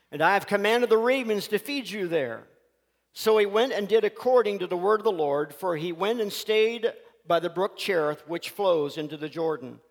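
Male preacher, high voice, folksy animated storyteller, church hall reverb. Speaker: pastor. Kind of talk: sermon with storytelling.

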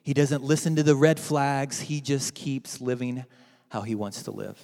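A man preaching a sermon to his church, dramatic and swinging from loud to hushed. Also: medium pitch, moderate pace, gravelly, big-room sound. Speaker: pastor.

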